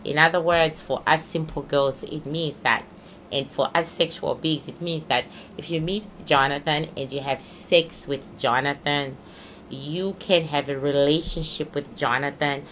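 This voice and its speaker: A woman with a low-pitched but bright, forceful voice talks through a casual card reading. She speaks emphatically and keeps circling back to restate her points. A faint hiss sits under her voice. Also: fairly even intonation, unhurried. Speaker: psychic reader.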